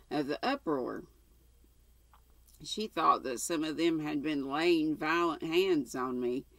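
A woman's voice: low-pitched, no room sound. An older woman reads a classic novel aloud in a plain, homely way, stumbling now and then and going back over words. Her voice is close to the mic in a dry, dead room. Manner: plain reading with occasional stumbles. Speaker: audiobook reader.

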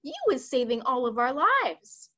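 A woman's voice: sits high, big pitch swings, a little slow, heavily acted. A woman voicing a kind, clever male giant who speaks in jumbled, made-up words, read as a storybook. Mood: urgent. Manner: jumbled made-up words, gentle but urgent. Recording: dull lo-fi recording.

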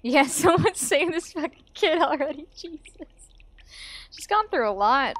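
A woman's voice: high voice, expressive, a little slow, fairly bright tone. A woman streaming a horror game, reacting to the scares with swearing and laughter. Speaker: let's play streamer. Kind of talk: casual gameplay commentary.

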